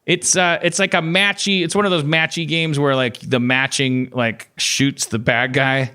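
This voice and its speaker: Bright-voiced, rambling man. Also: a little high, level tone, clean tone. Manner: rambling, halting, full of fillers and restarts. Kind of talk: casual comedy podcast chat.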